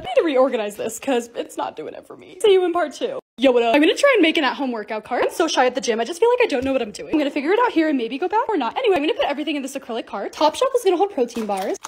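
Bubbly young woman vlogger, high voice, bounces all over, talks quick, bit of faint hiss. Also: a little mellow. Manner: bubbly, chatty narration of hauls and projects. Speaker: lifestyle vlogger. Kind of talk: casual vlog voice-over.

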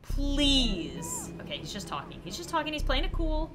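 A woman YouTuber doing excitable gameplay commentary, gasping, squealing and laughing as she reacts. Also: high voice, fast talker, noisy background. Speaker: gaming YouTuber.

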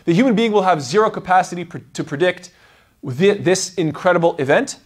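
A man sits high in his range and speaks briskly as a Quran teacher giving an explanatory religious lecture. He's animated, acting out the voices of those he quotes.

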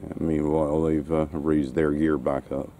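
A man's voice: a bass voice, level tone, moderate pace, warm tone, slight background noise. A man talking casually to camera while out walking his dog on the coast, with grumbling, irritated asides. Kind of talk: casual walk-and-talk commentary. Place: outdoors on the coast.

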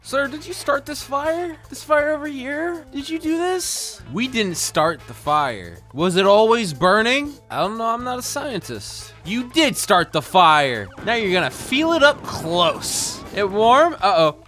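A young man doing playful, joking gameplay commentary as a gaming YouTuber, often breaking into shouts. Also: very high voice, sing-song, a little slow, hardly any pauses, soft background music.

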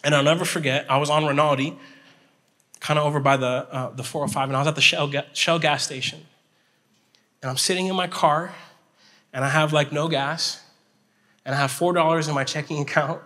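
A male pastor telling a story in a sermon, animated and checking in with his listeners as he goes. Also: on the high side, brisk, long pauses. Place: chapel hall. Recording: long hall reverb.

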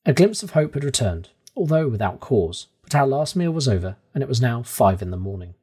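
Husky-voiced man narrating an audiobook. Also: mid-range voice. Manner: calm, measured storytelling. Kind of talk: scripted narration of a classic novel.

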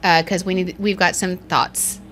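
With faint music behind her, a lowish-voiced woman speaks at a moderate pace as a podcast co-host. In casual conversation she tells a story with animation, acting out many of the quotes.

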